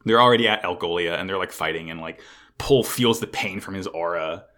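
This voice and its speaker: A man co-hosting a podcast, recapping an anime episode in excitable, swear-heavy casual chat and acting out characters' lines. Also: deep voice, brisk. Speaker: podcast co-host.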